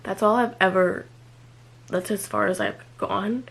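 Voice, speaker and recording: Hesitant young woman with vocal fry. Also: medium pitch, steady tone, unhurried, rough recording. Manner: hesitant, filler-heavy, many "like"s and trailing off. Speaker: vlogger. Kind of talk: personal confessional vlog.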